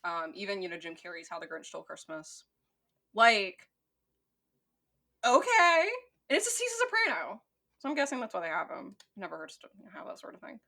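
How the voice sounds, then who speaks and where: Animated woman film podcaster. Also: mid-range voice, moderate pace, gravelly, pauses often. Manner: swears freely, lots of "like", laughs often. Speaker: podcast co-host. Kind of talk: casual chat reviewing a film.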